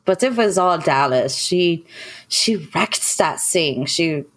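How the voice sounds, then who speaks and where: A woman's voice: lowish voice, expressive, slow. A woman playing her character in a tabletop game, modest and hesitant, with fillers. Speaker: player. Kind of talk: in-character role-play.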